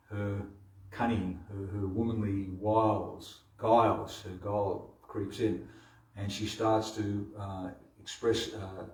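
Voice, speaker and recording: A man giving a devotional class in a temple hall, his lowish voice retelling a sacred tale with frequent restarts. The recording is roomy, with the mic set well away from him. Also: a little mellow, far from the mic. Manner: storytelling, halting with many restarts. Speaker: scripture class speaker. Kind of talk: devotional scripture class talk.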